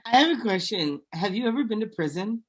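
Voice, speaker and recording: A woman's voice: medium pitch, fairly quick, slightly rough. A young woman co-hosting a podcast, chatting bluntly and animatedly about reality TV. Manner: blunt, animated, quotes people in put-on voices. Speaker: podcast co-host. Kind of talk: casual reality TV gossip chat.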